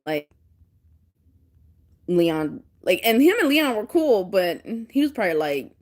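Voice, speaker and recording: A woman vlogger telling stories in casual chat, animated and often breaking into laughter. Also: lowish voice, measured pace.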